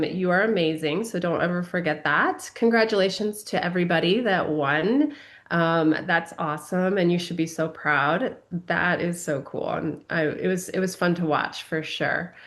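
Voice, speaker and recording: A woman giving an upbeat, encouraging talk to fellow speakers, with many fillers. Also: lowish voice. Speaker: summit speaker. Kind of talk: informal speech to a group.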